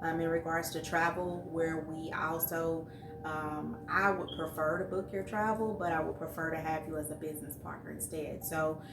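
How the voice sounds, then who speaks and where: Woman guest, lowish voice, halting speech, far from the mic. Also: little pitch movement, reverberant, background noise. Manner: halting, many ums and restarts. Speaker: guest, entrepreneur. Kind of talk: casual interview.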